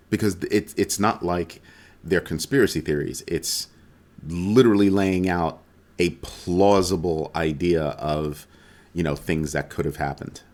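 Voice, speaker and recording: A man's voice: extremely low pitch, darkish tone. A man hosting a casual weekly crypto roundup, talking loosely and conversationally with frequent ums and self-corrections. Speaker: crypto video host.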